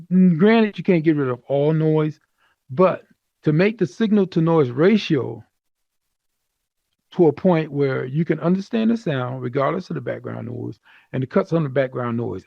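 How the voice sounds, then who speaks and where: A man's voice: on the high side, creaky, dry recording, muffled recording. A man casually teaching audio recording tips from inside a virtual reality space, talking loosely and using food comparisons. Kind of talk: casual tutorial talk.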